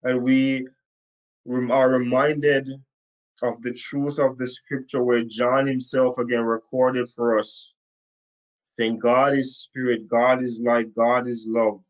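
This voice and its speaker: A man delivers a Bible lesson straight to camera from a room, taking his time over every phrase. He leans on repetition to drive each point home, at an unhurried pace and an ordinary middle pitch. The sound is a little dull and lo-fi. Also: flat delivery. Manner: slow, emphatic, repeats key phrases. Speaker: preacher. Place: indoor room.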